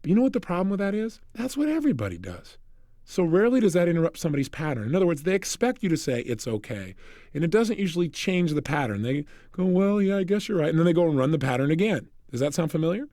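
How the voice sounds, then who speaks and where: A self-help coach speaking to the listener in an energetic, direct recorded lecture. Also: male voice, fairly high pitch, rapid-fire, no room sound, studio quality.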